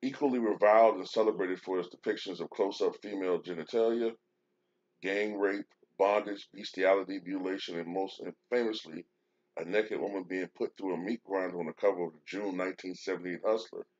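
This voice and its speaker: Low-voiced man with a muffled sound. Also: fairly even intonation, brisk, a little mellow. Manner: hesitant, many fillers and restarts. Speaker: show host. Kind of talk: casual commentary, reading a news article aloud. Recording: dull lo-fi sound.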